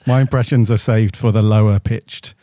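A man co-hosts a podcast, chatting in an easygoing way and leaning on fillers as he talks. His voice is mellow and warm. The studio mic sounds dry and close. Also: lowish voice, fairly even intonation, moderate pace, no echo. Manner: laid-back, chatty, lots of fillers. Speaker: podcast co-host. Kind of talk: casual podcast chat.

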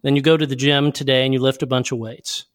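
A man guesting on a podcast interview, talking quickly and reflectively through personal anecdotes. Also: mid-range voice, flat delivery. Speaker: podcast guest, youth speaker. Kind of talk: casual interview chat.

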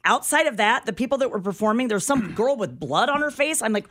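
A woman's voice: fairly high pitch, animated, brisk, fairly bright tone. A woman co-hosting a radio talk show, bantering wryly and joking at her own expense. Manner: wry, self-mocking banter. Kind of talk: casual chat.

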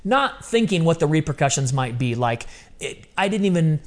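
A man in his fifties with a fairly high voice tells a personal story in conversation. He is earnest and animated, and he slips into his own remembered words as he goes. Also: normal speed. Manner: earnest, animated, quoting himself. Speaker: guest telling his adoption story.

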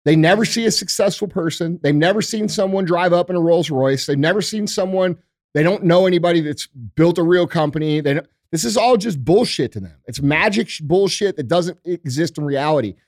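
A man's voice: on the high side, brisk, no echo, clean studio sound. A man hosting a podcast in casual chat, blunt and heavy on swearing, ranting with motivational conviction. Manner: blunt, profane and emphatic. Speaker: podcast host.

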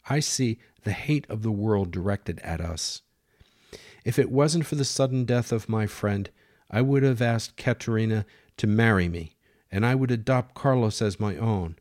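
A man as dignified, calm Mister Perkins. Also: lowish voice, no echo, studio quality, close to an everyday voice. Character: Mister Perkins, a proud, steady American man.

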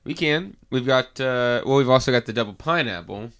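A man's voice: mid-range voice, lively intonation, moderate pace, fairly bright tone. A man co-hosting a casual beer-tasting livestream, talking loosely and laughing often. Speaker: podcast co-host. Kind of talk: casual chat over beers.

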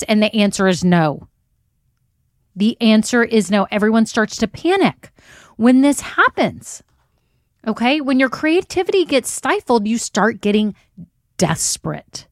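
A woman's voice: medium pitch, lively intonation, measured pace, long pauses, no room sound, studio quality. A woman hosting a podcast, giving upbeat motivational business advice straight to her listeners. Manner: upbeat, coaching, addresses listeners as y'all. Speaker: podcast host.

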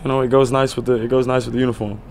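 Athlete at the podium: man, thirties, casual and unhurried delivery, middle-range voice, filler-heavy answers. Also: medium pitch, noisy background. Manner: relaxed, loose, full of "you know" fillers. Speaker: pro football player at a press conference. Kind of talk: press conference answers. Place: press conference area.

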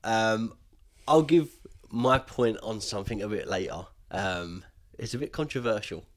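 A man's voice: lowish voice, unhurried. Rambling man co-hosting a podcast. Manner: rambling, many ums and restarts. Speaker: podcast co-host. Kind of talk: casual chat.

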